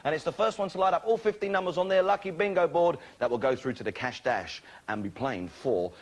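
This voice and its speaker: A man's voice: on the high side, expressive, a little fast. A man hosting a live television game show, bantering cheekily with contestants in a studio with an audience. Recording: loud studio audience and noise.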